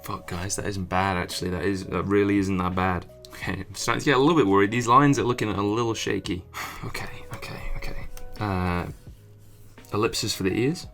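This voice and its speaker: Drawing on stream, a young man keeps up casual commentary, grumbling and swearing as things go wrong. He speaks with a lowish, slightly bright voice marked by vocal fry.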